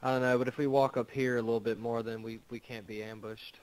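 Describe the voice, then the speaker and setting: A man's voice: medium pitch, little pitch movement, quick pace, rough recording. A man speaking in character in a roleplay game chat, blunt, terse and profane.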